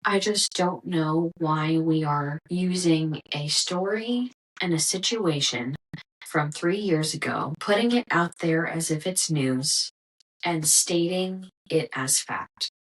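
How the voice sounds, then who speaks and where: A woman's voice: sits low, slow, rough recording. Profane, ranting woman podcast host. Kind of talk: casual ranting monologue.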